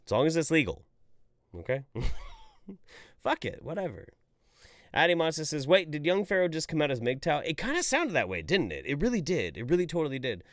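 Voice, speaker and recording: A man's voice: on the high side, very animated, quick pace, no room sound, clean studio sound. Profane, exasperated man ranting on a livestream. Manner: swings between loud outbursts and mumbled asides. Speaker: commentary streamer reading viewer chats. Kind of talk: livestream commentary.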